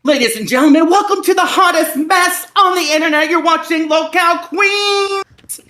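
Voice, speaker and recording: A man putting on a loud, brash woman streamer who shouts and calls out in a sing-song way. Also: extremely high pitch, normal speed, voice pushed up. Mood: brash hosting. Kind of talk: comic impression on a live stream.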